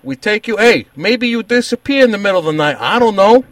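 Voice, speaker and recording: A man's voice: high-pitched, expressive, fairly quick, a bit bright, dry recording. A man co-hosting a radio show, bantering and trading jabs with callers in a mock tough-guy manner from a radio studio.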